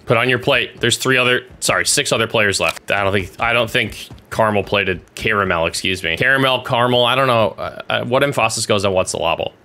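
A young man giving excitable, sarcastic commentary while spectating a shooter game, teasing the players he watches. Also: fairly low pitch, fairly quick. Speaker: gaming YouTuber commentating.

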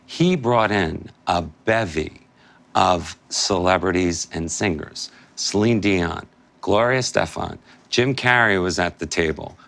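A man who owns a restaurant, reminiscing and giving steady cooking instructions in casual chat. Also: low voice, unhurried, creaky. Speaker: restaurant owner.

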